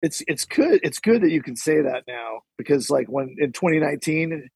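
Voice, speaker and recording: Gravelly guy rambling through a story, husky, dry close sound. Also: fairly high pitch, normal speed, no room sound. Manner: rambling, full of fillers, animated storytelling. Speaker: podcast co-host. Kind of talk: casual chat.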